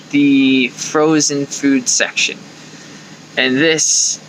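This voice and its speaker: Young male vlog host, bright and tense tone, chatty coaching delivery that acts out inner voices. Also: mid-range voice, slight background noise, poor audio. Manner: conversational, acts out inner thoughts with lively quoted asides. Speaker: life coach and video host. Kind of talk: casual talking-to-camera advice.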